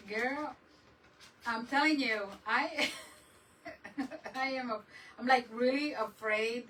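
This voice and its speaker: A woman talks slowly and casually on her craft livestream, laughing between lines and slipping Spanish words into her English. Her voice sits a little high. She sounds a bit distant from the mic, with faint background noise. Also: a bit bright.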